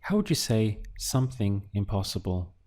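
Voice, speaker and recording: A man teaching a language lesson, speaking calmly and patiently and pausing often so the listener can answer. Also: fairly low pitch. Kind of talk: slow, deliberate language lesson.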